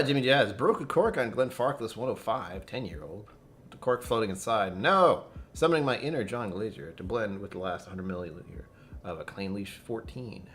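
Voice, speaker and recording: A man's voice: sits low, a little hiss or hum. A man tasting whisky on a live stream, rambling casually, joking at his own expense and chatting with viewers as he reads out their comments. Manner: rambling, self-deprecating, jumps between topics.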